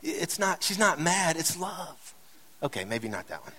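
A man's voice: fairly high pitch, big pitch swings, normal speed, background noise. A middle-aged man preaching a sermon as a pastor, conversational with light joking asides, building to impassioned emphasis. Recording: reverberant hall.

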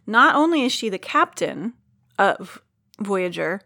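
A woman's voice: medium pitch, very animated, a little slow, sharp tone, no echo. Woman podcast co-host, dry close sound. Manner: joking, self-deprecating, swears casually. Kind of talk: casual chat.

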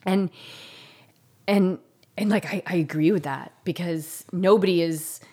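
A woman with a somewhat low voice tells a personal story in candid, casual conversation. She talks earnestly and emotionally, often restarting sentences and leaning on "like" as she goes. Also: unhurried, a little mellow, slightly rough.

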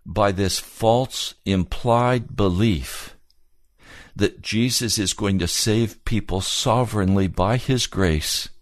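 A man preaching a sermon earnestly and emphatically, repeating key phrases and moving between low, grave passages and raised, urgent ones. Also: no room sound, studio quality.

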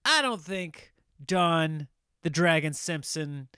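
A man hosting a podcast, telling rambling stories in a casual, animated way and laughing often. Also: on the high side, slow pace, clear, resonant tone, dry recording, clean studio sound. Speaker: podcast host. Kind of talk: casual storytelling monologue.

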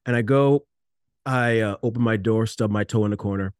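A man's voice: lowish voice, fairly quick, clear, resonant tone, no room sound, studio quality. A man playing a tabletop game, rambling as he narrates his character's actions in the first person. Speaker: player.

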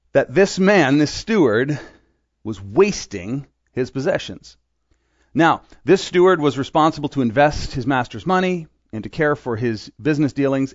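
A man's voice: medium pitch, no echo, highs cut off. A middle-aged man preaching a sermon as pastor, acting out characters as he tells the story and asking the congregation direct questions.

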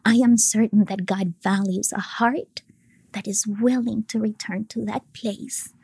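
A woman in her thirties, a podcast guest, telling a personal faith story in an earnest, emotional way, sometimes dropping to a soft whisper. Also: medium pitch, fairly even intonation, a little slow, creaky, slightly rough, no room sound.

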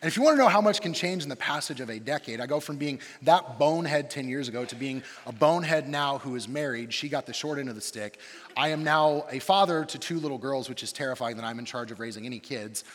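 A man in his thirties, a campus pastor, preaching a humorous sermon and telling stories about himself in an animated, self-deprecating way. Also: mid-range voice, fast, long reverb tail. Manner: animated, self-deprecating storyteller with shifting energy.

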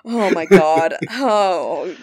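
A woman's voice: on the low side, lively intonation, takes it slowly, over a noisy crowd. A woman running a tabletop game as game master, teasing the players and stopping often on "um". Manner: playful teasing, many ums.

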